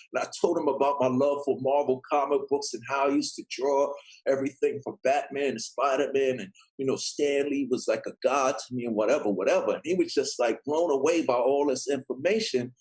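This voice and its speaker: A man's voice: mid-range voice, breathy edge, rough recording. A middle-aged man telling a long casual story, acting out the voices of people in it. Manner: animated, acts out quoted voices. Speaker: guest storyteller.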